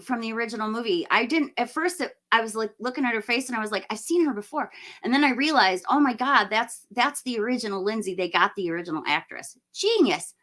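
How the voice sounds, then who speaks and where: A woman in her forties hosts a casual live-stream movie review chat, offering blunt opinions and breaking into laughing rants. Her voice is fairly high and a bit bright.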